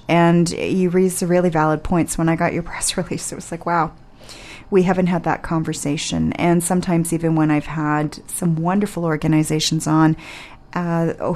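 A woman's voice: fairly low pitch, darkish tone. A woman hosting a radio interview in a studio, bubbly and giggly with plenty of enthusiasm. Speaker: radio host.

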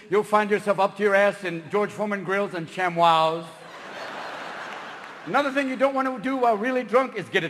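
A man from California doing a live stand-up routine on stage, talking manically and shouting as he jumps between silly voices. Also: sits high, a little hiss or hum. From Marin County, California, USA. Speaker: stand-up comedian. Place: stage in a large theater. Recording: reverberant live hall with ambience.

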